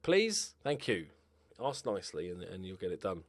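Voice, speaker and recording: A young man chatting casually as he plays a football management game. He reacts loudly to the match and laughs at his own jokes. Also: low voice, wildly swooping pitch, moderate pace, no room sound. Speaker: gaming YouTuber.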